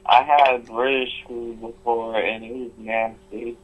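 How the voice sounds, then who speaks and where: Male caller, muffled call line, halting speech with lots of ums. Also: medium pitch, level tone. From United States. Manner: hesitant, many ums and restarts, laughs. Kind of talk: casual chat.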